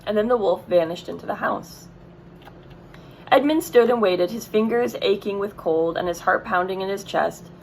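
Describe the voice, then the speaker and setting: A woman's voice: medium pitch, moderate pace, creaky, darkish tone, slight background noise, low-quality recording. A woman reading a children's book aloud, with casual asides and self-corrections. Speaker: reader.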